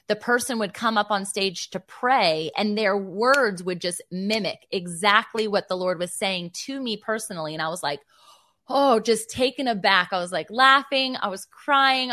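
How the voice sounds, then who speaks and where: A woman in her thirties hosting a faith podcast, telling a personal story in an animated, emotional way. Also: medium pitch, no room sound, studio quality. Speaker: podcast host. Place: Virginia Beach.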